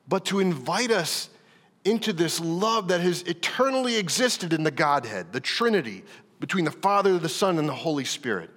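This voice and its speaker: A man's voice: a little high, a bit bright. A man preaching a sermon as pastor, earnest, stumbling over repeated words and building to emphatic lines. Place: church hall. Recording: reverberant church hall.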